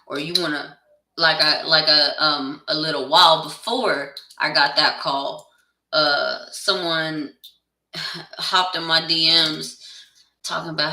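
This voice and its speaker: Blunt, gravelly tarot reader ranting. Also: mid-range voice, fairly even intonation, takes it slowly, sharp tone, distant mic. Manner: blunt and profane; heated, insistent. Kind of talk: casual direct-to-camera rant. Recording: echoey room, voice away from the mic.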